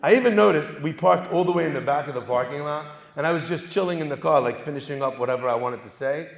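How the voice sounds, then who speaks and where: Rabbi guy telling funny stories to the crowd, kinda gravelly voice, roomy echo. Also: a little high, quick pace. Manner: joking, storytelling, lively asides. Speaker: rabbi giving a talk. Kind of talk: humorous speech to a live audience. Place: synagogue hall. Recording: echoey hall, live event.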